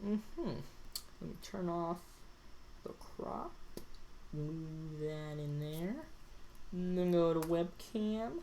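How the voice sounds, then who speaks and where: A woman's voice: lowish voice, extremely slow, long pauses, dark tone, slight background noise. A woman vlogger giving rambling, casual commentary over a screen recording, with many fillers and self-corrections.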